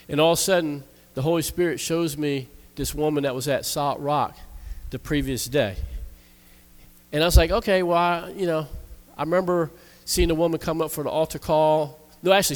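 A man, a church minister, preaching a sermon that tells a personal story in a lively way, voicing the quoted lines. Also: fairly high pitch. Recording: long reverb of a church hall.

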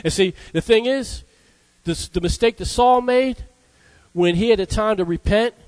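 Fervent high-voiced male preacher. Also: moderate pace, darkish tone, dry recording, rough recording. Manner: fervent call-and-response preaching, frequent "Amen?" and "Hallelujah". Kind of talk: sermon.

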